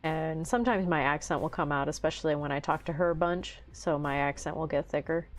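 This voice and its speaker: A tired woman with a rural Southern American accent, hosting a livestream in a relaxed chat, laughing often as she answers viewer comments. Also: sits low, a little fast, soft background music. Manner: laughs often, chatty and easygoing. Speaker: livestream host.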